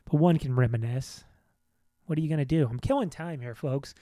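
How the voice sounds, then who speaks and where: A man's voice: fairly high pitch, a little fast, mellow, no room sound, studio quality. A man hosting a casual solo podcast, rambling in an offhand, self-deprecating way from the back room of a comedy venue. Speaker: podcast host.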